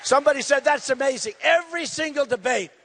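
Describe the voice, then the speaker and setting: A man in his sixties giving a campaign rally speech, loud and repetitive, hammering his points with emphasis. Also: very high voice, fast, big-room sound, some chatter behind, a little hiss or hum. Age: 60s. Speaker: political candidate.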